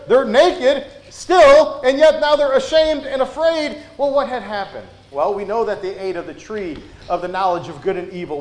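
High-voiced preacher in an echoey church. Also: male voice. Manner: folksy, frequent "uh" and "right?" asides. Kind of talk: conversational sermon. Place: church sanctuary. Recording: roomy church echo.

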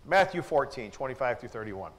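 A man's voice: medium pitch, big pitch swings, fairly quick. A man preaching a morning sermon as pastor in a church, emphatic and full of rhetorical questions to the congregation. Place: church with a screen behind him.

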